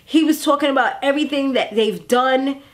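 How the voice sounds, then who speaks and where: A woman in her thirties casually recapping a TV episode in a chatty, animated way, acting out characters' lines as she goes. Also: high-pitched, brisk. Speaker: TV recap vlogger. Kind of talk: casual chat.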